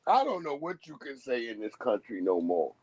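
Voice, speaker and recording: A man's voice: mid-range voice, big pitch swings, normal speed, a little mellow, husky, dry recording. A man hosting a live stream, rambling in casual street slang and laughing as he talks.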